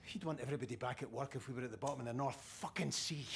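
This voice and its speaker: An actor playing a panicked Scottish oil rig worker in a video game, with a Scottish accent and a blunt, swearing way of talking. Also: male voice, mid-range voice, very fast, gravelly, a little hiss or hum, close to an everyday voice. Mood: tense.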